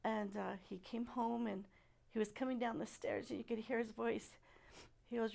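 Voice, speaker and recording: Gravelly, halting middle-aged woman. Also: a little high, fairly even intonation. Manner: halting and soft-spoken, many pauses and fillers. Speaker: church member giving testimony. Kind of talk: personal testimony.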